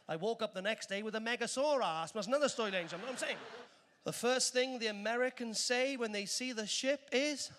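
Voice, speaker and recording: High-voiced man doing stand-up. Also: quick pace, fairly bright tone. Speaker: stand-up comedian. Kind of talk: stand-up comedy.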